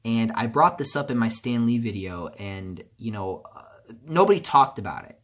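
A man talking on his own channel in a rambling, emotional vlog monologue, full of restarts and fillers, dropping low and quiet, then bursting out loud. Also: lively intonation, normal speed. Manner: rambling, many restarts and fillers, swings from subdued to loud outbursts. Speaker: YouTuber.

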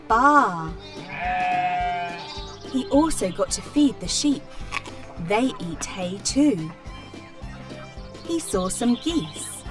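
A woman reading a children's farm story aloud, plainly and clearly. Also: mid-range voice. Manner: slow, clear, plain reading with animal sounds. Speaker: storybook reader. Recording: voice from a distance, music behind. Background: children's music.

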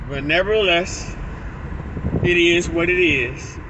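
A man's voice: fairly high pitch, muffled recording, noisy background. A man talking to his phone camera while driving, rambling with stuttered restarts and laughing asides. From Illinois. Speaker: vlogger. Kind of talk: casual vlog monologue. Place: in a car, driving.

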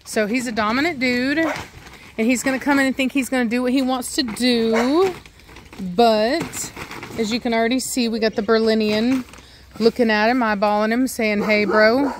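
A woman dog breeder chatting casually in a vlog, rambling with many ums and restarts and snapping out sharp commands to her dogs. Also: a little high, fairly even intonation, moderate pace, background noise. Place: kennel area with several dogs. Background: dogs barking and moving.

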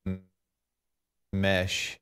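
A man talking through a software tutorial, thinking aloud, fumbling and poking fun at himself. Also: low-pitched, completely flat delivery, extremely slow, smooth, faint music behind. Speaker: tutorial maker. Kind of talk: unscripted screen-recorded tutorial.

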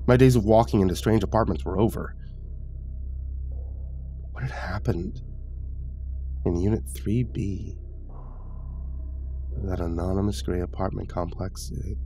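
A man narrating a horror story and hosting his channel, slowing to a dramatic hush on key lines. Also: deep voice.

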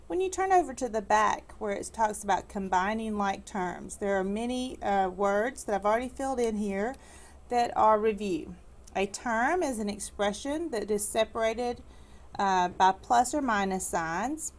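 A woman's voice: mid-range voice, expressive. Patient woman math teacher explaining. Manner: patient, explanatory, slows down to stress key words; light corny humor for students. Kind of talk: recorded classroom math lesson.

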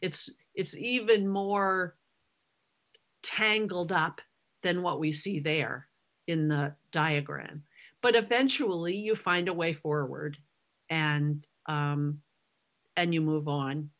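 A woman's voice: sits low, slow, a bit bright. A middle-aged woman giving a conversational Bible teaching, acting out the lines she quotes.

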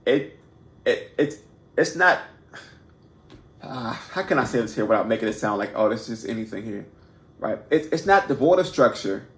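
A man's voice: mid-range voice, expressive, normal speed, long pauses, a bit bright. A man hosting a casual poetry lesson, talking informally with many restarts and repeated words, and often checking in with "right?". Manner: self-deprecating and informal. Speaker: poetry teacher and host. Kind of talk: casual unscripted video lesson. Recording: echoey room.

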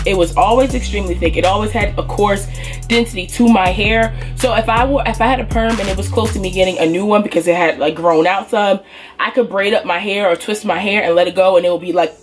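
Chatty young woman with a cold. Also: fairly low pitch. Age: young adult. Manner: chatty, animated, addresses viewers as y'all. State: getting over a cold, coughing. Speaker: beauty vlogger. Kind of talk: casual story time.

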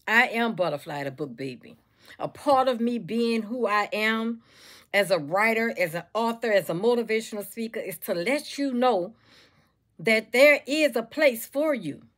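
A woman's voice: medium pitch, fairly bright tone. Woman, motivational speaker, preachy repetition. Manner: preachy, repetitive, calls listeners baby and y'all. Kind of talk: motivational talk to camera.

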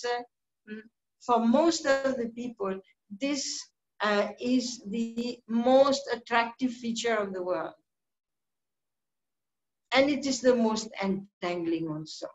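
A woman giving a slow, deliberate scripture class, pausing often with soft fillers. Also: fairly high pitch. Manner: slow, deliberate teaching with many pauses and fillers. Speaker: spiritual teacher. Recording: dull lo-fi recording.

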